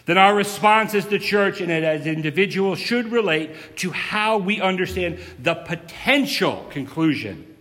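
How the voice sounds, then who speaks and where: A pastor giving a sermon in a measured preaching style, with pauses and rhetorical questions. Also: male voice, high voice, a bit bright. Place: church sanctuary. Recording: reverberant sanctuary.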